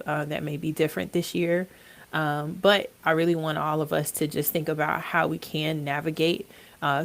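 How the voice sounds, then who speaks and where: Woman podcast host, low and gravelly, monotone, stuffy-nosed, hesitant with lots of fillers. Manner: hesitant, many ums and uhs. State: congested from allergies. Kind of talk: casual podcast monologue.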